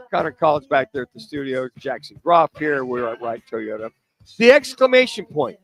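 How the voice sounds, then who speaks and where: A man's voice: fairly high pitch, a bit bright, poor audio. A man hosting a sports radio show from a remote broadcast, chatting and tossing rambling questions to his co-hosts. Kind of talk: casual radio chat. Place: remote broadcast at a car dealership.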